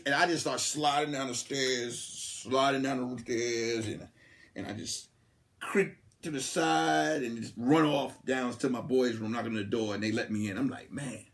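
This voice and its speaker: A man with a mid-range voice hosts a comedy podcast, telling a story casually and with lots of animation. He swings from hushed asides to loud, laughing outbursts.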